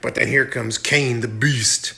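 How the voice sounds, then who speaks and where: A man casually recapping a film play by play, animated, slipping into mock voices for the characters. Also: medium pitch, a little slow, vocal fry. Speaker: movie reviewer.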